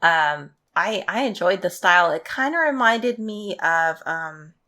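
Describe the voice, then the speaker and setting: A woman's voice: lowish voice, animated, a little slow, sharp tone. A woman chatting casually on a podcast as a guest streamer, rambling with many fillers and giggling.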